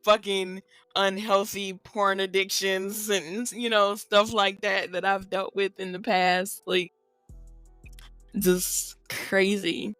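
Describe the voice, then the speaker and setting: Middle-aged woman co-host, salty and animated storyteller, mid pitch. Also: slow pace, smooth, no echo, faint music behind. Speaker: podcast co-host. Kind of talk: casual chat.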